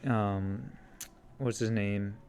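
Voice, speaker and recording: A man's voice: lowish voice, steady tone, drawn-out words, darkish tone, clean tone. A man on a podcast, asking questions and teasing the others in casual football chat. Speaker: podcast co-host. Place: studio.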